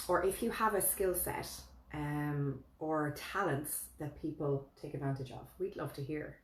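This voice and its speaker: Chatty woman, lowish voice, echoey room. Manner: chatty, laughs easily, expressive. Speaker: co-host. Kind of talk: casual live chat.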